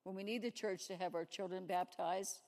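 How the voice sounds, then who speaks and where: A woman's voice: mid-range voice, fairly even intonation, normal speed, darkish tone. A woman giving a sermon-like testimony at a church service, telling stories and acting out the dialogue. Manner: storytelling, acts out dialogue. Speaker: lay speaker at a church service. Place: church sanctuary. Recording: long reverb in a church hall.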